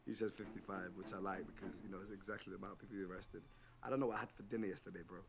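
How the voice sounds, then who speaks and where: A man's voice: deep voice, fairly even intonation, very fast, vocal fry. A man giving rambling, blunt commentary on the contestants. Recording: noisy background.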